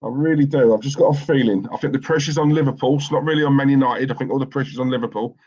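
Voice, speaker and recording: A man's voice: medium pitch, rapid-fire, darkish tone. A man, chatting casually on a football fan live stream and reading out viewers' comments with slangy banter. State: has a headache. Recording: dull lo-fi stream audio.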